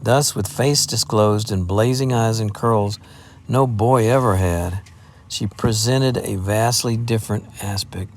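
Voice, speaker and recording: A man narrating an audiobook in a steady, measured way. His voice sits on the lower side. He reads the story through at an even storytelling pace. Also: slight background noise. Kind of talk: scripted narration.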